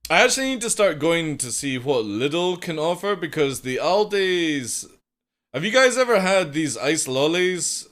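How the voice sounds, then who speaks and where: A man's voice: a little high, very animated, unhurried, fairly bright tone. A young man chatting casually with his stream viewers, rambling and swearing freely as he reads chat aloud. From United Kingdom. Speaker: live streamer.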